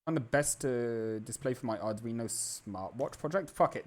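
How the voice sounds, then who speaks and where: A man's voice: mid-range voice, moderate pace, darkish tone. A man livestreaming while he tinkers with electronics, talking to himself in a profane, muttering way.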